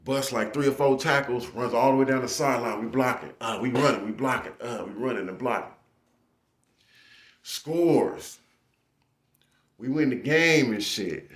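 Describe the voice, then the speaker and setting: A young man telling a story casually and animatedly, laughing and acting out shouts. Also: lowish voice, expressive, measured pace. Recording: echoey room.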